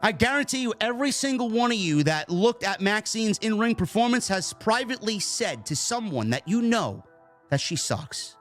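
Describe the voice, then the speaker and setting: Faint music plays under a high-pitched New Yorker speaking at normal speed as he reads super chats on his casual wrestling review show. He rants bluntly and animatedly, swearing plenty.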